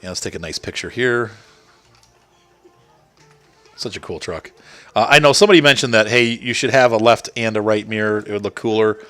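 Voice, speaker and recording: A man's voice: fairly low pitch, fairly quick, pauses often, fairly bright tone, smooth, soft background music. A man giving casual commentary while playing a truck game, rambling and chatty as he talks with his small son. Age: adult parent. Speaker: gaming streamer. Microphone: desk microphone.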